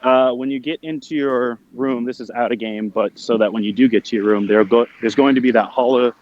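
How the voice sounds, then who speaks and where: Male player, relaxed and hesitant, middle pitch, dull dry recording. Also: brisk, dry recording. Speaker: departing tabletop player. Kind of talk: casual tabletop play.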